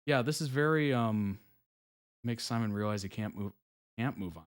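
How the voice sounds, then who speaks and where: His voice sits on the lower side and moves at a moderate pace. He's a man running a live reaction stream, easygoing and talkative, reading out viewer comments and dropping frequent soft laughs and filler words as he chats.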